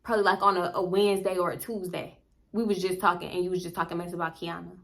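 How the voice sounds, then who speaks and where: A woman's voice: fairly low pitch, little pitch movement, fast talker, a bit bright. A young woman vlogger telling a storytime casually, chatty and slangy, swearing freely and acting out what people said.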